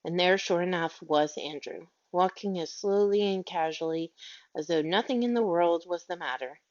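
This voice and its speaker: A woman narrating a children's story aloud in a gentle, measured reading. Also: lowish voice. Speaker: audiobook reader. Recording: dull lo-fi audio.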